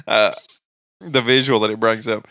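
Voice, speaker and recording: A man with a country accent co-hosting a casual podcast, telling stories with dry, deadpan teasing. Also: lowish voice, moderate pace, creaky, no room sound. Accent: rural country accent. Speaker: podcast co-host. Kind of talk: casual chat, storytelling.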